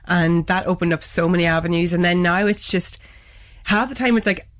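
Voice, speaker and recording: Chatty young Irish woman, lowish voice. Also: brisk. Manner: chatty, laughing, acts out quoted voices. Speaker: guest lip-sync creator. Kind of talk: casual podcast chat.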